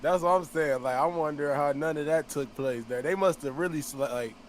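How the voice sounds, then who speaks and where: A man's voice: fairly high pitch, fairly quick, slight background noise. A man watching along with a streamer, chiming in with questions and agreement. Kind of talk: casual chat.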